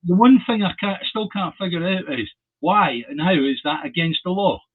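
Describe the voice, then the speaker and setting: A man with a husky, slightly high voice chats about politics in a measured, defiant manner, wandering into asides. The sound is narrow and phone-like. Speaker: co-host. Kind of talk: casual political chat.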